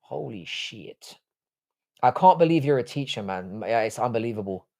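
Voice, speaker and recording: A man's voice: mid-range voice, lively intonation, fast, warm tone. Profane, joking man hosting a stream. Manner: blunt, profane, joking banter. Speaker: livestream host. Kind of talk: casual live-stream chat reacting to viewer comments.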